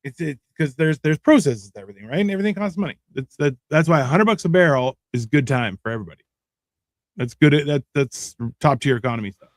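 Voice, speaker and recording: A man's voice: fairly high pitch, animated, fast talker, no echo. A man co-hosting a casual livestream chat, explaining things in plain terms and often checking that listeners follow. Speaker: co-host.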